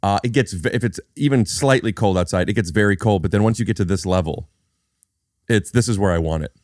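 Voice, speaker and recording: A man's voice: fairly low pitch, brisk, a little mellow, dry recording, studio quality. A man hosting a podcast in casual comedic chat, rambling and restarting his thoughts as he goes. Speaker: podcast host.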